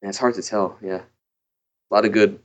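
A man's voice: on the low side, steady tone, moderate pace, highs cut off. A man on a casual movie podcast, making sarcastic quips.

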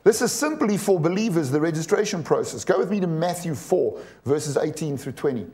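A man in his forties delivers a sermon in a high voice. He talks emphatically, stumbles over repeated words and keeps asking the congregation questions. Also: animated, fairly quick, dark tone. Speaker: preacher.

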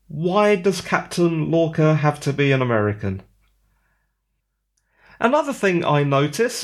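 A man hosting a solo podcast, giving opinionated, conversational commentary with rhetorical questions. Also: on the high side. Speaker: podcast host.

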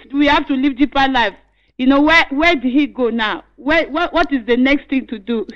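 A woman's voice: sits high, normal speed, a bit bright, dull audio. A woman relaying a listener's question to the preacher, hesitant and repeating herself.

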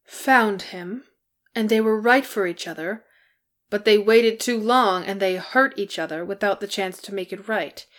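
A woman voicing a gruff, grieving male dwarf in a storybook reading, with a growling, bitter manner. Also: mid-range voice, a little slow, natural voice. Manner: growling, bitter then brightly teasing.

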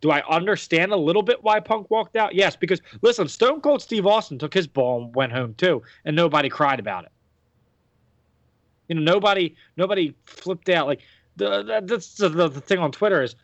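A man's voice: high voice, expressive, moderate pace, no echo, lo-fi sound. A man hosting a casual wrestling podcast, opinionated and rambling, with casual swearing. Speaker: podcast host.

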